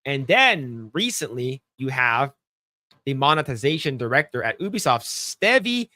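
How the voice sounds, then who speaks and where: A man's voice: mid-range voice, very animated, measured pace, pushed and bright, dry recording. A man co-hosting a podcast, chatting casually and reading news aloud with blunt, crude jokes. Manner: blunt, joking, crude asides. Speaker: podcast co-host.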